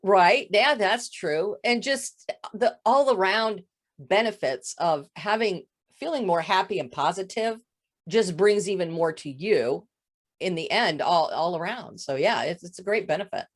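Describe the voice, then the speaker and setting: A woman voice coach with a touch of vocal fry, explaining voice habits in an interview. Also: mid-range voice, expressive, a little slow. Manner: explanatory, demonstrates voice faults. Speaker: voice coach guest. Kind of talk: interview answers.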